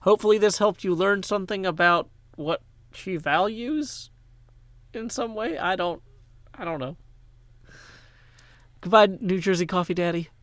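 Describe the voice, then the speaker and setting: A man's voice: high voice, measured pace, pauses often, a bit bright, dry recording. A man from Tennessee chatting casually on a game livestream, rambling and joking as he thanks donors. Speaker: gaming livestreamer. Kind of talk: casual livestream chat while playing.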